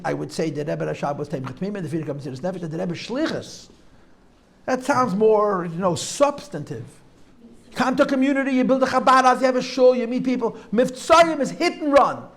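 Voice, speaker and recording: A middle-aged teacher talks to a live class in a seminary, his voice pitched high with a gravelly rasp. He drifts from one tangent to the next and circles back over his own phrases. Yiddish and Hebrew words run all through his storytelling. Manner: digressive, repeats phrases, peppers speech with Yiddish and Hebrew terms. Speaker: teacher giving a talk. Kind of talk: storytelling talk at a Chassidic gathering.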